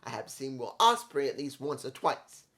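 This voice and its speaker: A man's voice: mid-range voice, very animated, moderate pace, background noise. Emphatic opinionated man reviewing wrestling. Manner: opinionated, repetitive, emphatic rants. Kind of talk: solo video review.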